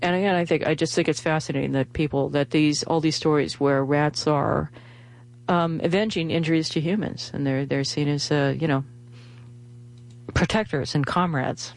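A woman's voice: sits low, steady tone, moderate pace. A woman radio host, talking in a rambling, chatty way full of fillers and restarts. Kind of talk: casual radio monologue with pledge appeal.

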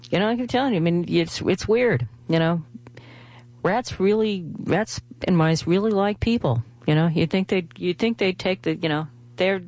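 A woman's voice: low-pitched, a little mellow, dry recording. A woman radio host, talking in a rambling, chatty way full of fillers and restarts. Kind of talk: casual radio monologue with pledge appeal.

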